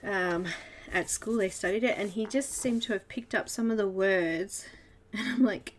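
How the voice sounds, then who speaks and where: A woman's voice: medium pitch, moderate pace. Chatty Australian woman streaming live. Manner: chatty, laughs often. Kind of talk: casual chat while colouring.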